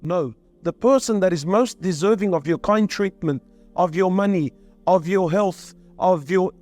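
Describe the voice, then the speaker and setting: A man's voice: high voice, measured pace, darkish tone, soft background music. A man giving an earnest, emotional sermon-style talk, repeating phrases for emphasis. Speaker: Muslim speaker.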